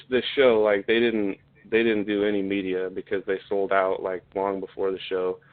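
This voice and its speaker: Blunt profane man on a tinny line. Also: on the low side. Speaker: podcast guest, fighter. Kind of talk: casual storytelling.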